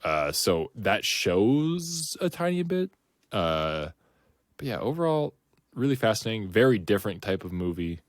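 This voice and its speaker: A man's voice: on the low side, very animated, measured pace, no echo, clean studio sound. A man co-hosting a podcast, talking casually and rambling with lots of fillers and restarts. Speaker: podcast co-host. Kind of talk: casual chat.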